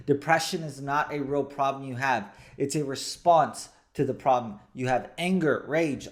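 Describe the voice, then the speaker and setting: A man in his thirties talks as a coach in a motivational talk, with a slightly raised pitch. He speaks with emphasis and repeats key phrases to drive them home.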